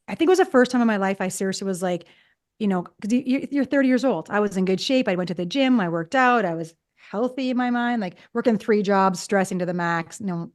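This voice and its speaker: A woman in her fifties, a psychologist guest, telling personal stories in a chatty way and acting out past conversations. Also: medium pitch. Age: 50s. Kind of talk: casual storytelling interview.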